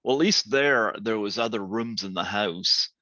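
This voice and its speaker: Host guy, kinda low voice, lots of ums, dry muffled sound. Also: normal speed, bright, forceful tone, no echo. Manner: hesitant, many fillers and restarts. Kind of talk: casual interview chat. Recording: dry, dull lo-fi audio.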